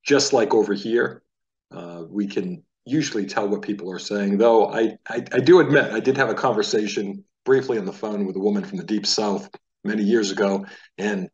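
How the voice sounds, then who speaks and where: A man from the United States teaching a casual Hebrew lesson, talking in a relaxed, conversational way and sounding out letters aloud. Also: on the low side, moderate pace, recorded from a distance, highs cut off.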